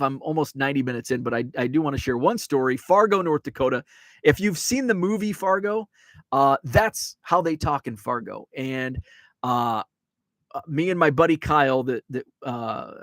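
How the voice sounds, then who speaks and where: A man's voice: medium pitch, moderate pace, fairly bright tone, no echo. Rambling man on a dry, close mic. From Illinois. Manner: rambling, with many restarts and fillers. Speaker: sports card collector and channel host. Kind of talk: casual livestream chat, reading viewer comments.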